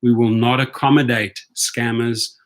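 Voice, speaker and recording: A man's voice: mid-range voice, level tone, unhurried. South African man hosting a livestream. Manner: emphatic, punctuates points with "right?". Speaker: rideshare channel host. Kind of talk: livestream talk reading viewer chat.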